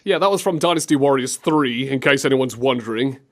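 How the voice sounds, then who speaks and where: A man's voice: medium pitch, fairly quick, fairly bright tone. A man hosting a comedy podcast, giddy and laughing often as he mocks game clips. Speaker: show host.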